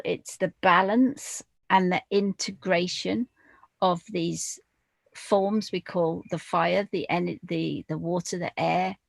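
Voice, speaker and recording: A woman speaking as a guest in a spiritual podcast conversation, slow and deliberate, pausing often with fillers. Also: on the low side, creaky, no echo.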